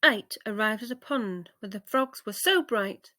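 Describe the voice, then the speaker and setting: A woman reading a children's bedtime story aloud in a gentle, expressive way. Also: medium pitch, unhurried, no echo.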